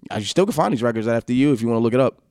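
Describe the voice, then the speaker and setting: A man casually telling a story from his college days, animated, swearing and acting out what others said. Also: medium pitch, racing, no echo, studio quality. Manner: animated, laughing, swearing, acts out quotes.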